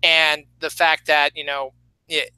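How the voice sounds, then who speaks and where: Man, podcast host, high voice, very bright tone, animated, casual chat. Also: a little slow, smooth, dry recording, rough recording. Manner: animated, laughs often, acts out quotes in high voices. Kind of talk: casual movie discussion.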